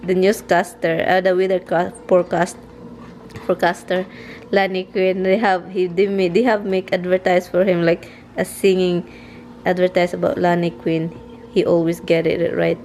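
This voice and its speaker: A woman's voice: on the low side, level tone, moderate pace, darkish tone, a little hiss or hum. A woman with a Filipino accent chatting casually to camera as a vlogger, laughing often while she talks about her husband. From Philippines. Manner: giggly, laughs often while telling stories. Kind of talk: casual vlog chat.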